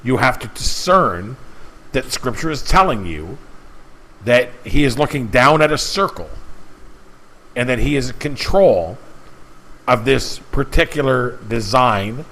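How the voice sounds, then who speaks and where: A man's voice: medium pitch, expressive, measured pace, long pauses, fairly bright tone, rough recording. A man preaching emphatically in a casual monologue, often stumbling and repeating words as he presses his point. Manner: emphatic, repetitive, stumbles and restarts. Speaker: channel host.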